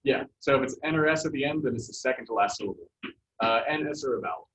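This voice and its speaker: A man's voice: mid-range voice, fast, a bit bright. A man teaching a Spanish pronunciation lesson to a class, explaining casually with many fillers. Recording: echoey, distant, dull classroom recording.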